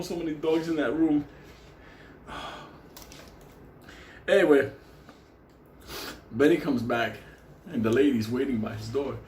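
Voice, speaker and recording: A man's voice: medium pitch, a little slow, long pauses, darkish tone, reverberant, a little hiss or hum. A man telling a profane, funny story on camera, swearing constantly and laughing through it. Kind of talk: casual profane anecdote. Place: indoor room on camera.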